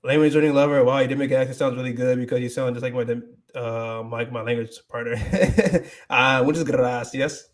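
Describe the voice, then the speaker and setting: A man's voice: medium pitch, fairly even intonation, normal speed. A man hosting a casual livestream, rambling with many restarts, switching between English and Spanish and reading viewer comments aloud. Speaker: livestream host.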